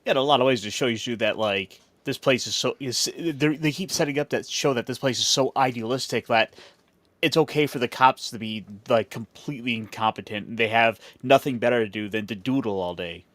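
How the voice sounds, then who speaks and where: A man's voice: mid-range voice, a little fast, fairly bright tone, no room sound. A man in a casual film discussion, rambling with many fillers and restarts. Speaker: podcast co-host.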